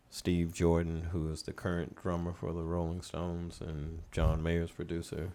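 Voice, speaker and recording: Man, very low voice, middle-aged, relaxed rambling storyteller, podcast guest. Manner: relaxed, rambling anecdotes, laughing as he tells them. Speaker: recording studio owner and producer, guest. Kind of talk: casual storytelling in a podcast interview.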